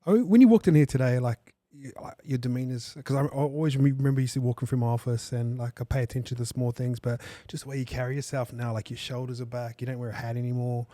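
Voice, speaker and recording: A man's voice: mid-range voice, fairly even intonation, fast, few pauses, mellow, no echo. A man hosting a podcast, talking in a casual, slangy way. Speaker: podcast host. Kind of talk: candid podcast conversation.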